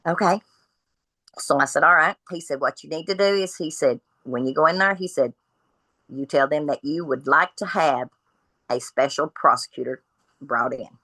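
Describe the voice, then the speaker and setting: A woman tells her story as a podcast guest, speaking bluntly and acting out each person's lines. Her voice sits low and lands with a forceful edge. The sound is dry and close. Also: normal speed, dry recording, poor audio. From Kentucky. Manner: blunt, animated retelling of dialogue.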